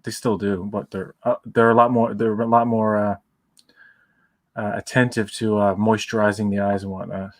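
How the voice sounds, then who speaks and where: A man's voice: fairly low pitch, little pitch movement, normal speed, no room sound. A man co-hosting a fan commentary, explaining trivia in a loose way with filler words. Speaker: podcast co-host.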